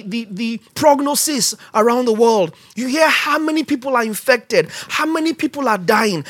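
A woman preaching a sermon, emphatic, asking the congregation questions and rising to shouts. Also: fairly high pitch.

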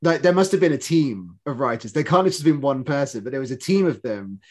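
Man, podcast co-host, casual chat, animated, rambling, lots of restarts and fillers, middle pitch. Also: fast talker, a little hiss or hum.

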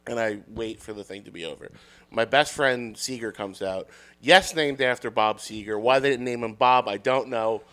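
A man's voice: medium pitch, moderate pace, bright, forceful tone. A man doing a comic bar-story bit, profane and self-mocking, acting out the voices. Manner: profane, self-deprecating, acts out quotes. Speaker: podcast guest. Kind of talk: comedic storytelling.

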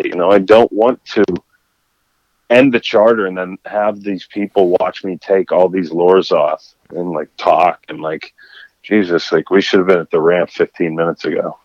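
A man's voice: low voice, no echo, dull audio. A man who runs fishing charters tells a story in casual conversation and acts out the quotes. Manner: animated storyteller acting out quotes. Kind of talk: casual storytelling in a podcast chat.

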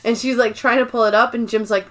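A woman's voice: fairly high pitch, fairly even intonation, fast talker. A woman co-hosting a podcast, casually retelling episodes and acting out quotes, with some swearing. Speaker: podcast co-host. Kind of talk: casual recap chat.

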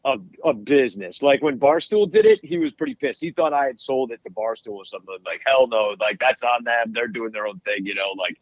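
A man's voice: medium pitch, lively intonation, fairly quick, hardly any pauses, no room sound, muffled recording. A man guesting as a musician, chatting casually in an interview and rambling through stories with lots of restarts. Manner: rambling, many restarts and laughs.

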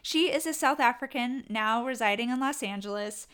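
A woman's voice: on the high side, moderate pace, fairly bright tone, clean tone. A woman co-hosting a podcast in casual chat, chatty and reading out actor bios. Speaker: podcast co-host.

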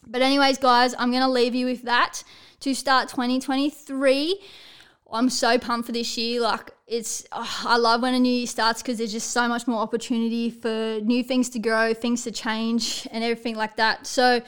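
A woman's voice: a little high, little pitch movement, normal speed, fairly bright tone, clean tone. Blunt, straight-talking woman coach. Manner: blunt and direct, swears casually, keeps checking in with "all right?". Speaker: sports coach. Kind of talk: motivational talk to camera.

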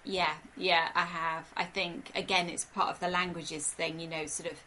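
A woman from Wales, an author answering interview questions in a thoughtful, soft-spoken way. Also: fairly low pitch, flat delivery, moderate pace, a little hiss or hum, poor audio. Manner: thoughtful, soft-spoken, uses many fillers. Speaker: author, podcast guest.

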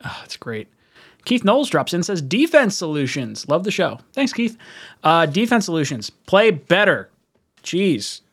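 A man's voice: high-pitched, big pitch swings, a little slow, fairly bright tone. A man hosting a sports podcast who reads listener comments and teases his co-hosts in casual chat. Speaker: podcast host.

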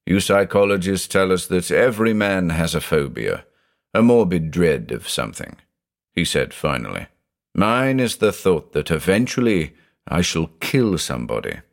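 A man's voice: sits low, sing-song, moderate pace, vocal fry, heavily acted. A man reading a haunted older judge who talks in an intense, growling, confessional way. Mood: anguished. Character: haunted, obsessive older male judge, brooding.

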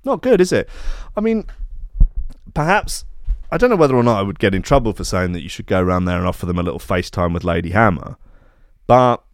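A young man giving sarcastic comic commentary with deadpan mock outrage and many fillers. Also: sits low, quick pace, long pauses, slight background noise. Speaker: comedy podcast host.

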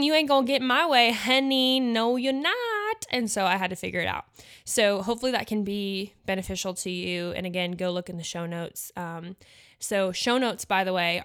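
A young woman from the Midwest hosting a podcast, talking casually and chattily with lots of fillers and asides. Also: lowish voice. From Nebraska. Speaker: podcast host and pageant coach. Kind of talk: casual solo podcast talk.

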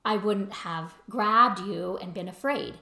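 A woman's voice: mid-range voice, takes it slowly, vocal fry, bright, forceful tone, roomy sound. A woman telling a personal story in a reflective talk about trauma and choice, conversational and full of fillers. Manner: conversational, many fillers, mimics her husband in quotes.

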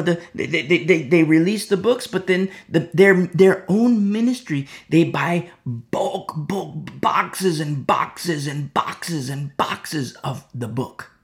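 Male preacher, gravelly, slightly high, casual Bible talk with hushed emphasis and mock dialogues. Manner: repetitive, drops to near-whispers for emphasis, acts out mock dialogues. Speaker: pastor. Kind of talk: conversational Bible teaching.

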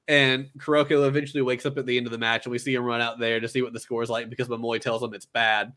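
A man's voice: medium pitch, flat delivery, fast talker, few pauses, bright, forceful tone. A man co-hosting a podcast, casually recapping an anime in a rambling way, with lots of "like" and "uh" and frequent restarts. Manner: rambling retelling, filler-heavy, many restarts. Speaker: podcast co-host.

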